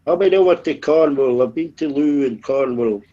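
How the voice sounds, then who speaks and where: Banter guest: a man with a mellow voice, teasing and swearing, heard through dull lo-fi audio. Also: fairly high pitch, moderate pace. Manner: teasing, swears freely, says "lad". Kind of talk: casual livestream banter.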